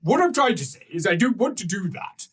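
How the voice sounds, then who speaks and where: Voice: medium pitch, big pitch swings, brisk, a bit bright, husky, distant mic. A game master voicing a flustered male ambassador who stammers, hesitates and tries to placate. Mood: placating. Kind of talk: improvised tabletop role-play.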